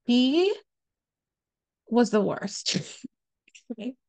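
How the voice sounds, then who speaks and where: A woman's voice: a little high, sing-song, very slow, darkish tone. A woman hosting a podcast, telling a personal story in a candid, blunt, casual way, swearing freely and leaning on "like" and "you know.". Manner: frequent "like" and "you know" fillers. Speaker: podcast host.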